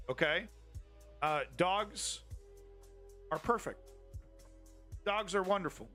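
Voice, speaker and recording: Guy ranting on his news stream, swears a lot, sharp bright voice, little music in back. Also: on the high side, a little slow, pauses often. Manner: opinionated, profane, rambling. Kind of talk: casual news commentary.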